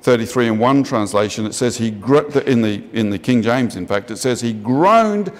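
A man with an Australian accent preaching a sermon in a conversational way, jumping up in pitch for emphasis and often restarting his sentences. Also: lively intonation, moderate pace. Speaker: pastor. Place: church. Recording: long church reverb.

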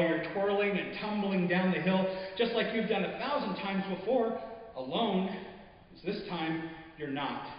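A man reading his own short stories aloud at a live event, in a measured, intimate way that sinks softly at quiet moments. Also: a little high. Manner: measured, intimate storytelling with soft drops. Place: arts venue stage, before an audience. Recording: echoey hall, dull muffled sound.

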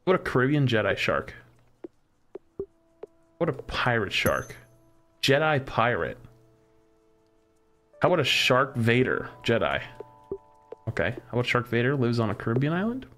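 Animated man musing through game combos. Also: mid-range voice, unhurried, long pauses. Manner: musing aloud, trying combinations one after another. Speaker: streamer. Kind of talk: casual live-stream commentary.

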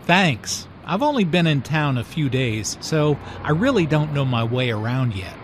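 A man's voice: fairly high pitch, big pitch swings, unhurried, slight background noise. A man acting a polite newcomer in town, asking for directions in a scripted textbook dialogue.

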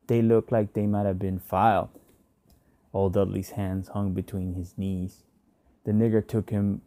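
A man narrating a short story in a measured, subdued way. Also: low voice, gravelly, mellow, dry recording. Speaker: reader.

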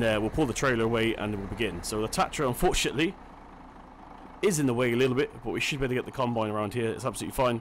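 Thinking out loud while he plays, this gaming host delivers chatty, self-deprecating let's-play commentary in a medium-pitched voice. A little hiss or hum sits under the recording.

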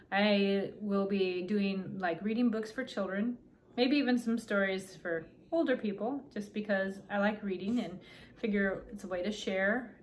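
A woman with a medium-pitched voice speaks unhurriedly, with a little hiss or hum in the audio. Hosting her own channel, she chats casually and relaxedly, then reads a children's book aloud, dropping fillers between passages.

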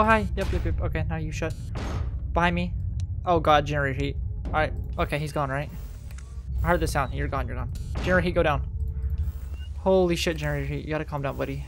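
A young man hosting a horror game let's play, muttering nervously, swearing and repeating the same phrases over and over. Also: fairly high pitch. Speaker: gaming channel host.

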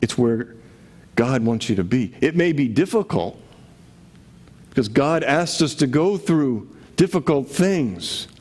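A man's voice: medium pitch, expressive, measured pace, a little mellow, slightly rough. A man preaching a sermon to his congregation in a conversational way, often asking rhetorical questions. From Connecticut. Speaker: pastor.

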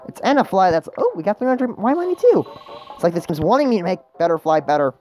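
A woman's voice: lowish voice, very animated, fast talker, warm tone. A woman giving casual let's-play commentary, chatty and rambling, who mocks herself and talks to the game characters. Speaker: gaming channel host. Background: game music.

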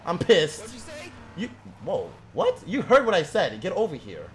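A young man streaming a shooter game, swearing a lot and jumping from low mutters to loud shouts. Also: moderate pace, a little hiss or hum. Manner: profane, excitable, swings from mutters to shouts. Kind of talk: gaming livestream commentary.

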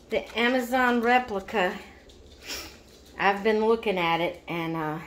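A woman chatting in an unboxing video, often cooing baby talk at her dolls. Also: medium pitch. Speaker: doll collector vlogger.

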